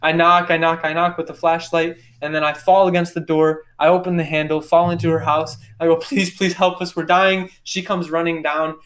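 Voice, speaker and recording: A man's voice: fairly high pitch, flat delivery, a little fast, few pauses, fairly bright tone. A man, a podcast guest, telling a dramatic personal story in a casual interview, repeating phrases for emphasis. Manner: intense, repetitive retelling with vivid detail.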